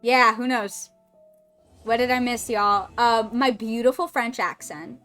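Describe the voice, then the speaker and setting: A woman's voice: fairly high pitch, a little slow, a bit bright, soft background music. A woman streaming a game, chatting casually and goofily with her viewers, swearing and joking. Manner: goofy, swears, riffs with chat. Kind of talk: casual gameplay chat.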